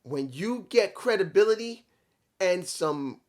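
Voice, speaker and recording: A man's voice: high-pitched, expressive, slow pace, darkish tone. A man reviewing a wrestling show in a casual, rambling way, with some swearing and restarts.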